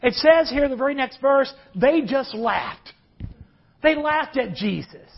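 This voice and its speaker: A man preaching a sermon, earnest, drawing out key phrases slowly. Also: very high-pitched, expressive, gravelly, husky. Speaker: pastor. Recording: dull lo-fi recording.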